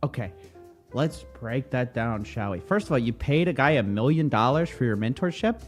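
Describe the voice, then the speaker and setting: A man's voice: mid-range voice, normal speed, faint music behind. A young man hosting a show, giving sarcastic, jokey commentary on video clips. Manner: mocking, animated, jokey. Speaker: host.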